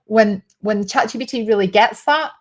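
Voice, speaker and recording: A woman's voice: mid-range voice, normal speed. A woman with an accent part Northern Irish and part Scottish, hosting a casual talk to camera in a chatty way and often checking in with "right?". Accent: mix of Northern Irish and Scottish. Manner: chatty, keeps asking "right?", shifts pace a lot. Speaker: host.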